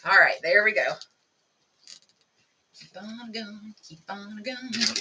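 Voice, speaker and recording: A woman's voice: mid-range voice, takes it slowly, pauses often, distant mic, noisy background. A woman hosting a live crafting demonstration, chatting with viewers as she works. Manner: chatty, talks to viewers while working. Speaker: craft tutorial host.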